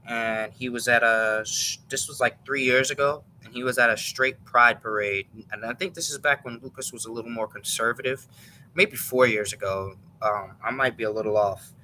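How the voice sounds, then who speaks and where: Male host, very bright tense timbre, loose rambling storyteller who keeps correcting himself. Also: mid-range voice, fairly even intonation, normal speed, slight background noise, rough recording. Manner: rambling, self-correcting, chuckling retelling. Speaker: show host. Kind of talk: casual storytelling.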